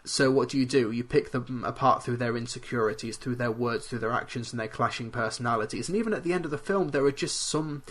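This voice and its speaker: Young man, podcast co-host, measured, analytical, middle pitch. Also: fairly bright tone. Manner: measured, analytical, building arguments. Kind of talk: casual chat.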